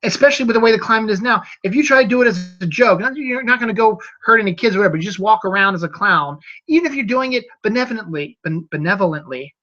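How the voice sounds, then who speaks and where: A man's voice: high voice, lively intonation, quick pace, hardly any pauses, bright, forceful tone. A man in his thirties hosting a solo podcast, talking casually and rambling with restarts. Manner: rambling, repeats words and restarts. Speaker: podcast host. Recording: dull lo-fi audio.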